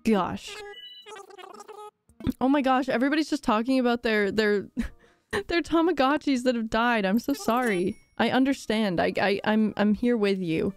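A young woman with a slightly high voice chats her way through a live game stream. She rambles, laughs easily and lets out theatrical sighs. Soft game music plays faintly underneath. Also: moderate pace. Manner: chatty and rambling, laughs often, dramatic sighs. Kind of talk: casual live-stream gameplay chat.

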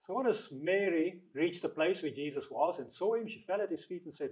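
Fairly high-voiced man leading Bible study. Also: lively intonation, a little mellow, poor audio. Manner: conversational, reads scripture aloud slowly, asks the group questions. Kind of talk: leading a group Bible discussion.

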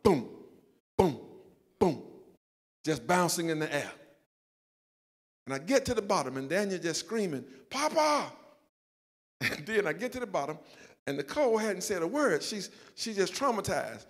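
A man's voice: high voice, very animated, moderate pace, pauses often, big-room sound. An older man, a pastor with a Southern US accent, telling a self-mocking personal story in a sermon and acting out the quotes. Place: church sanctuary.

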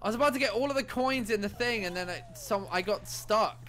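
A man's voice: high voice, a little fast, over music. A young adult man with a British accent, chatting casually while gaming, with a dry, playful teasing manner. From Britain. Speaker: co-player.

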